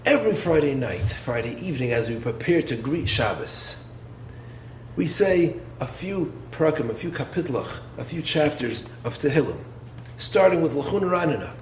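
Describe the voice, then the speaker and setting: Expressive rabbi, bright roomy voice. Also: male voice, moderate pace. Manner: expressive, rhetorical questions, dips low then rises. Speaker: rabbi and yeshiva head. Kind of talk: Torah lecture. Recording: roomy echo with faint background noise.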